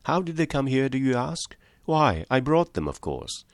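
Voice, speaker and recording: A man's voice: medium pitch, very animated, moderate pace, no room sound, pitched above the performer's own voice. A man voicing a small, mild country priest in an audiobook, speaking simply and apologetically. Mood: calmly firm.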